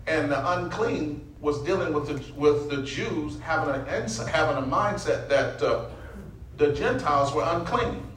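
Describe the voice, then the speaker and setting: A man preaching with a bright, forceful edge, stopping to teach and then rising into impassioned near-shouting. He works the room with call-and-response. The recording is echoey and picked up from a distance. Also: fairly high pitch, a little slow, slight background noise. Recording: echoey room, mic from far off.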